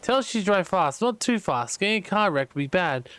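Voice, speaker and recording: A man's voice: high voice, animated, brisk, fairly bright tone, clear, resonant tone, dry recording. Fretful small-town mom, as a man reads her lines. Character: worried small-town mother, middle-aged woman. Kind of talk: reading game dialogue aloud.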